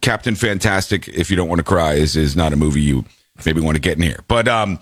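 A man hosting a comedy podcast in casual chat, sounding a bit under the weather and slowed down, often breaking into goofy high voices. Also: no echo, studio quality. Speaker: podcast host.

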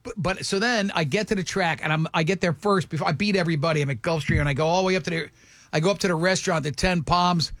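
A man's voice: on the high side, fast, a bit bright, no room sound, clean studio sound. A middle-aged man co-hosting a casual chat, telling a rambling story with lots of restarts. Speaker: podcast co-host.

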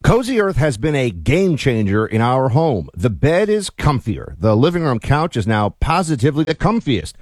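A man's voice: medium pitch, sing-song, moderate pace, hardly any pauses, no room sound, clean studio sound. A man co-hosting a talk radio show, teasing and joking in casual banter.

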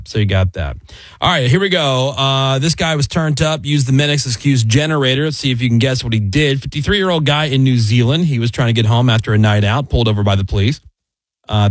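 A middle-aged male host telling odd news stories in a lively, chatty way. His voice jumps high whenever he acts out what people said. The sound is close and dry, with no room echo. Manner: animated storyteller, jumps high when quoting people. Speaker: radio show host. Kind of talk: casual banter, telling funny news stories.

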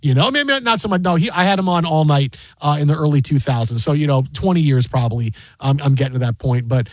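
A man hosting a sports radio show, telling a story in a rambling, animated way with many fillers and restarts, in a studio. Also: fairly high pitch, fast, dry recording. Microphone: studio mic.

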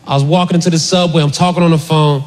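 A man doing stand-up, telling a story in an animated, shouty way and laughing through punchlines. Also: a little high, fast talker, slight background noise. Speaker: stand-up comedian.

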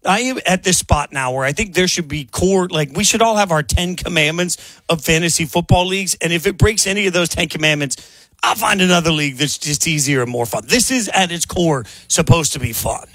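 A man hosting a sports radio show, talking in an emphatic, animated way. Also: fairly high pitch, a little fast, dry recording. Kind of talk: casual sports radio talk.

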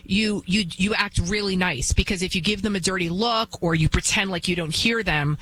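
A woman's voice: medium pitch, normal speed, a bit bright, slight background noise, poor audio. A woman hosting a talk show, delivering an emphatic, blunt monologue that repeats its points and keeps asking "right?".

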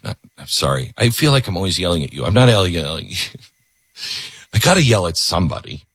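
A man's voice: deep voice, big pitch swings, brisk, fairly bright tone, husky, no echo. A man hosting a talk radio show, ranting with indignation and sarcasm. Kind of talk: opinionated radio monologue.

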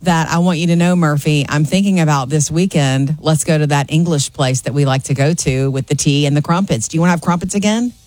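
A woman's voice: deep voice, brisk, hardly any pauses, a little mellow, no room sound. A middle-aged woman co-hosting a radio morning show, chatting casually and enthusiastically and laughing easily. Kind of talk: casual chat.

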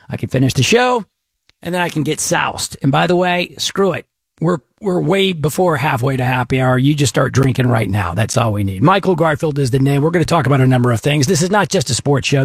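Male talk radio host, high husky voice, energetic casual delivery, close dry mic. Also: dry recording. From Texas. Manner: folksy, chatty and energetic.

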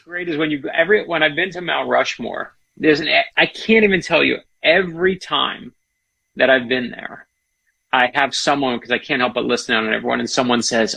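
Male author guest, gravelly and husky, eager storyteller. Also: mid-range voice, normal speed, bright, forceful tone. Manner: enthusiastic, storytelling. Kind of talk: casual interview chat.

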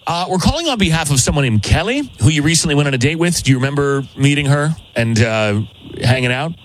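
Male morning radio host, fast, animated delivery, quick to interrupt. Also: fairly high pitch, poor audio. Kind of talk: morning radio call segment.

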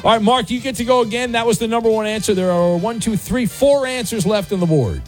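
A man's voice: high-pitched, fast, faint music behind. A man hosting a morning radio game show, joking and self-mocking, with lots of filler words.

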